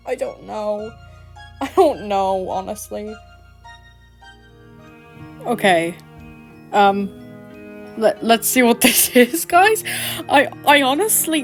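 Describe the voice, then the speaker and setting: Brief: exasperated young woman streamer, slow-paced, very high voice, faint music underneath. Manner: emotional, exasperated, laughs often. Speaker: game streamer. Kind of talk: reacting to a story game.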